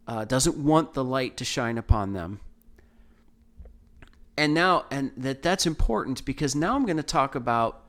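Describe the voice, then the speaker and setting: A man with a medium-pitched, fairly bright voice hosts a podcast Bible study in a casual conversational style. He explains verses thoughtfully, like a teacher, restarting his sentences often.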